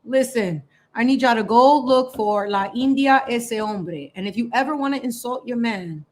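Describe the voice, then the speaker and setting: A woman hosting a casual livestream, chatty and animated, laughing often and slipping into Spanish phrases. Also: a little high, moderate pace. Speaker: livestream host.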